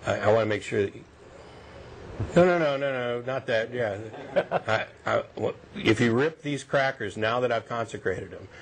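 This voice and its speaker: A man's voice: medium pitch, moderate pace, a little hiss or hum. A man joking around on camera, stammering, laughing often and talking while he eats. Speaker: show regular. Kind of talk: joking casual chat on camera.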